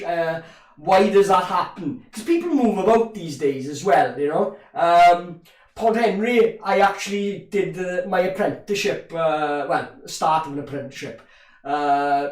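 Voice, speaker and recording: A man's voice: high voice, distant mic. Chatty Welsh man with a Llanelli accent. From Wales. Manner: chatty, rambling, laughs often, reads chat aloud. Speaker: live stream host. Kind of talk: casual live rugby watch-along chat. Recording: roomy echo, voice a bit off-mic.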